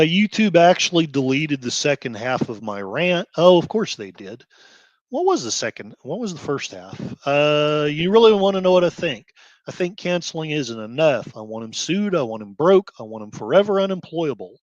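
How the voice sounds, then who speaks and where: A man's voice: a little high, very animated, dry recording. Man, blogger host, emotional commentary rant, sighs, heated bursts, dull dry mic. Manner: heated, sighing, quick outbursts between quieter stretches.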